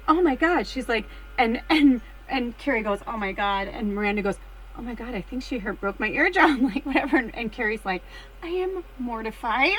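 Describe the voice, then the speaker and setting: A woman's voice: fairly high pitch, poor audio. Candid, chatty woman medium. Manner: chatty and candid, swears freely, gets excited and shrieks when retelling. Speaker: spiritual medium and vlogger. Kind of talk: casual personal storytelling to viewers.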